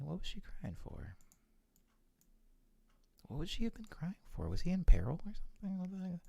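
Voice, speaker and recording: A man's voice: high voice, wildly swooping pitch, moderate pace, vocal fry, long pauses, dark tone, breathy edge, no echo. A young man chatting casually while producing music in his studio, rambling and correcting himself with small laughs. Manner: rambling, chuckles between thoughts, self-correcting.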